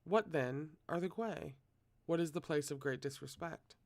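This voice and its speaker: A man voicing a cryptic, fervent old man who speaks slowly with a rasp. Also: fairly high pitch, dry recording. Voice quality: raspy, slow.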